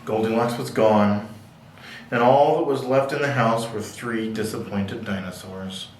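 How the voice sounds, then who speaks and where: A man's voice: on the low side, a little slow, slight background noise. A man reading picture books aloud at a library, with playful, jokey asides. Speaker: library storyteller. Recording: echoey room, distant mic.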